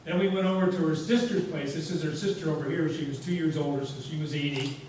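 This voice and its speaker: A man with a somewhat high voice tells rambling, easygoing anecdotes to a room, his words scattered with "you know". He is caught from a distance in a very echoey hall with a faint hiss underneath. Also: steady tone, fast talker, darkish tone. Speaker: guest speaker. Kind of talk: casual storytelling presentation.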